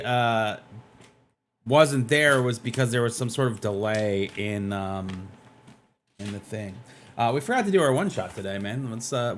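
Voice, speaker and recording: A man streaming a game, talking casually to his chat, tired and excitable, repeating himself with lots of "dude" and "man". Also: mid-range voice, slight background noise.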